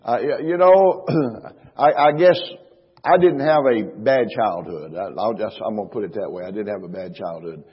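Middle-aged male pastor, husky, preaching emphatically in a big reverberant church hall. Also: lowish voice. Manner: emphatic preaching, slows and stresses scripture, repeats phrases. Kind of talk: sermon. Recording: reverberant hall, dull lo-fi sound.

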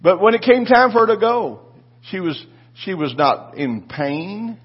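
A man's voice: high voice, sing-song, unhurried, breathy edge, dull audio. A man preaching a sermon, telling a personal story with fervent, repetitive delivery and calls for the congregation to respond. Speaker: pastor.

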